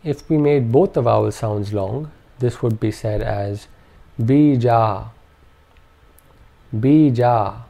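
A man's voice: fairly low pitch, unhurried, vocal fry, warm tone, muffled recording. A man narrating a scripted language lesson, carefully enunciating each syllable and repeating words for practice. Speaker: language teacher.

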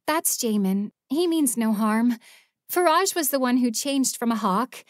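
A woman doing a soft-voiced, gentle winged girl. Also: a little high, lively intonation, unhurried, dry recording, studio quality, pitched above the performer's own voice. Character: gentle one-winged young woman, kind.

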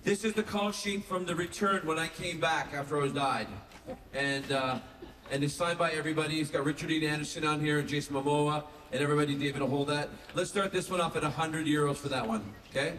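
A man calls out auction bids at a fan convention, briskly and with rising volume. His voice sits on the high side for a man. The recording is distant, with a long hall echo and faint noise behind. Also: fairly even intonation, fairly bright tone. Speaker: panel actor running an auction. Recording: echoey hall recorded from far off.

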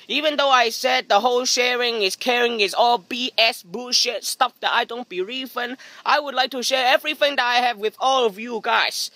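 A man's voice: extremely high pitch, normal speed, hardly any pauses, dry recording. A man doing a sarcastic, jokey vlog monologue outdoors by a pool, recorded on a phone's front camera. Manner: sarcastic, deadpan jokey self-mockery. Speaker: vlogger. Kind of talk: comedic rambling vlog monologue. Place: outdoors beside a private pool.

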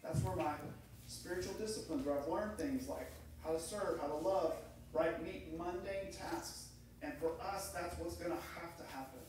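A man's voice: on the high side, normal speed, a little mellow, slight background noise. A middle-aged man preaching a sermon as pastor, telling stories and acting out quoted voices. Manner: storytelling, acts out quoted voices. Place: church sanctuary. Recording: echoey room, mic far off.

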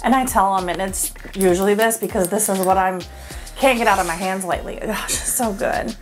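A woman's voice: mid-range voice, brisk, faint music behind. A middle-aged woman hosting a casual chat, talking with enthusiasm and laughing often. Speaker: host.

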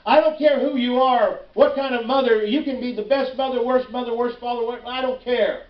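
A man preaching from the pulpit with fervent, pleading passion, his voice pitched unusually high. The sound is taken from some distance in a church sanctuary, echoing around the room and slightly dull and muffled. It has the feel of a live service recording. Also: fairly even intonation, brisk. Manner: impassioned preaching, voice climbing high when pleading in prayer. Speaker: pastor. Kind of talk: sermon.

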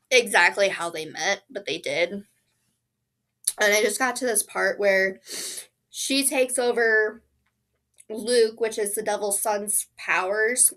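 Bright-voiced sick woman chatting about books. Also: mid-range voice. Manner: chatty, apologetic, with fillers. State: sick, coughing and sneezing. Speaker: book vlogger. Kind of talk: casual chat.

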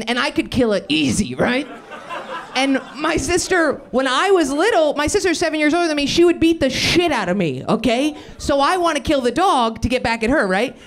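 A young woman doing improvised stand-up on a club stage, brash and profane, riffing fast and slipping into mocking voices. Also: sits high. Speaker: stand-up comedian. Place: comedy club stage with audience.

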